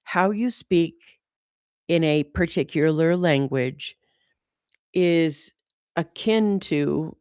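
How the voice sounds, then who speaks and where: An American woman talking casually as a host, animated and often saying "like". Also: low-pitched, very slow, long pauses, clean tone, no echo, studio quality. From United States. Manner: animated, says "like" often, mimics accents. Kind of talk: casual conversation.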